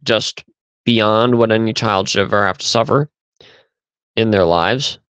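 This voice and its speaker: Smooth-voiced man telling stories. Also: lowish voice, fairly even intonation, unhurried, a bit bright, no echo, low-quality recording. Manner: conversational, rambling, with fillers and restarts. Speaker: podcast host. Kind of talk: casual storytelling monologue.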